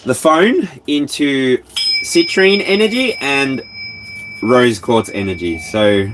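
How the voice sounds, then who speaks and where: There's background noise behind this expressive, medium-pitched male voice, which takes its time. He reads tarot on a casual livestream from his caravan, speaking with an Australian accent, rambling playfully and occasionally singing snippets of songs.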